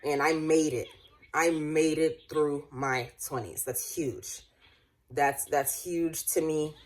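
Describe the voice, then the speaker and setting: A woman's voice: deep voice, steady tone, slow pace. A woman in her late twenties talking in a personal, reflective vlog at home. She rambles with many restarts, laughs often and comes close to tears. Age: late 20s. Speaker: vlogger.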